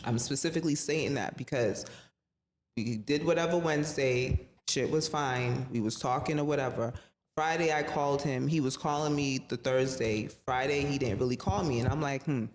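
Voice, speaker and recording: Animated woman telling a story in a reverberant room. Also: a bass voice, normal speed. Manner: animated, acts out quoted voices, slangy and profane. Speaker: podcast guest. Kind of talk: casual storytelling chat. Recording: reverberant room with faint noise.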